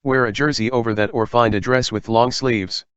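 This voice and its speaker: A man's voice: mid-range voice, steady tone, normal speed, a bit bright, clean tone, no room sound, highs cut off, close to an everyday voice. A man voicing a strict, bossy senior prefect girl, giving commands in a stern, instructing way.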